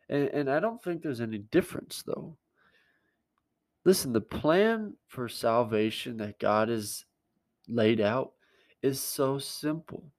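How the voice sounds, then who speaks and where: A man's voice: medium pitch, expressive, a little slow, no echo. A male pastor giving a conversational sermon, plain-spoken and emphatic, repeating his key words.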